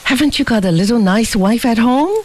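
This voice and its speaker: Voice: medium pitch, fairly quick, a little mellow, slight background noise, pitched above the performer's own voice, lightly acted, rough recording. A reader doing a genial well-off young man. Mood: teasing. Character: well-off young man, teasing then remorseful.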